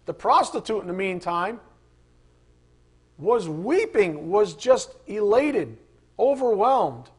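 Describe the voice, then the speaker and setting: High-voiced man teaching scripture. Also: sing-song, slow, pauses often, slightly rough. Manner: earnest, reads passages aloud with casual asides. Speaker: Bible study teacher. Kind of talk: conversational Bible teaching.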